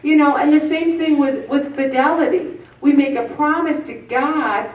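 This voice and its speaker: A woman's voice: sits high, normal speed, distant mic. Preachy woman in her fifties, echoey room. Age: 50s. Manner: earnest and preachy, with humorous asides. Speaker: weight-loss group leader. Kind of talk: preachy motivational talk to a group. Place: meeting room with an audience.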